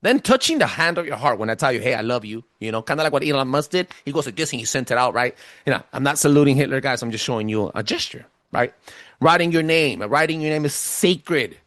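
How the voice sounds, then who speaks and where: An animated, fast-talking podcast host with a mid-range, fairly bright voice casually presents ideas, emphatic and stumbling and restarting as he goes. He says he has a thick accent. The recording is dry and studio-clean.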